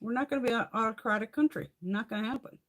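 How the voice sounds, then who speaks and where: A middle-aged woman hosting a live chat, ranting in a heated, profane, animated way. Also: a little high, fast talker. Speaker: live stream host. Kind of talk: casual live chat rant.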